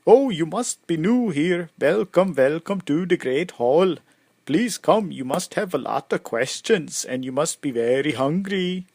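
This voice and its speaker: A man playing a loud boastful Norse warrior. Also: fairly high pitch, expressive, unhurried, no echo, voice pushed up. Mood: jovial welcome. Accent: put-on Swedish. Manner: loud, jovial and bragging. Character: boastful bald bearded male Norse warrior chieftain.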